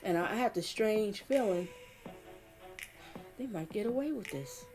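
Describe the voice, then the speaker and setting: A woman's voice: mid-range voice, animated, a little slow, darkish tone, faint music behind. A woman giving casual live stream commentary, talking emphatically, repeating her points and reading viewer comments aloud.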